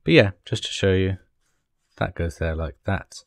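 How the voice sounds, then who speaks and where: Man, low voice, dry close sound, chatty hobbyist doing a kit build tutorial. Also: lively intonation, unhurried, vocal fry, no room sound. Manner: chatty, apologetic asides while working. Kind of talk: casual step-by-step build tutorial.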